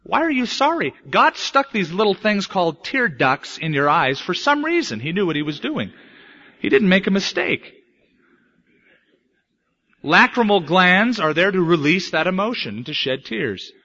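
A man preaching a sermon, swinging between hushed, slow lines and emphatic, raised ones. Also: high voice, sing-song. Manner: dramatic swings between soft and emphatic delivery. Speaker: pastor. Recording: muffled lo-fi recording.

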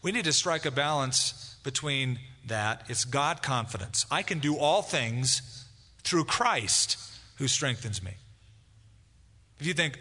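A man's voice: mid-range voice, expressive, slow, pushed and bright, breathy edge. A man preaching a conversational sermon as pastor, acting out quoted dialogue. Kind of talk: expository sermon. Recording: long hall reverb.

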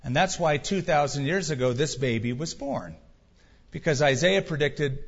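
A man's voice: on the high side, lively intonation, normal speed, fairly bright tone. A male pastor preaching a sermon emphatically, full of rhetorical questions, in a dull recording with long hall reverb.

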